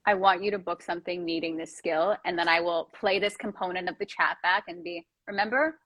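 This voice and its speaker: A woman's voice: lowish voice, fairly even intonation, fairly bright tone. Playful, teasing woman host. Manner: playful, teasing, quick to joke. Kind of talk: casual interview chat.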